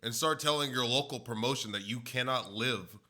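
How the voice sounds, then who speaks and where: A man with a British accent co-hosting a casual chat, teasing with deadpan jokes. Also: medium pitch, a little fast. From Britain. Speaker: podcast co-host.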